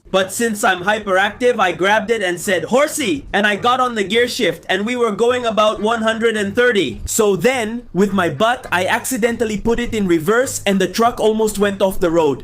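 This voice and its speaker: A man narrating funny personal mishaps in an animated, comic storytelling style. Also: high-pitched. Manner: animated, quick, comic voices for quotes.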